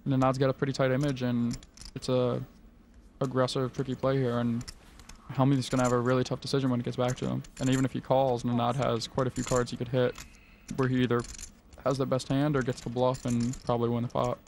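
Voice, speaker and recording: A man giving measured, analytical expert commentary on poker hands, with frequent filler pauses. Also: medium pitch, completely flat delivery, gravelly, a little mellow, slight background noise.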